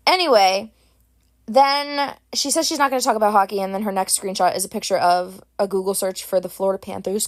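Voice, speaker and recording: A woman's voice: mid-range voice, no echo. Young woman, podcast host, casual chat, rambling, blunt, dry close sound. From Boston area. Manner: chatty, rambling, with many "like"s and restarts; blunt and opinionated.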